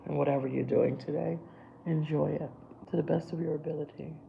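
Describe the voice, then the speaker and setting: A woman's voice: sits low, steady tone, fairly quick, creaky, mellow, dull audio, slight background noise. A woman hosting a casual makeup livestream, chatting to viewers as she works on her brows. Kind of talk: casual live makeup chat.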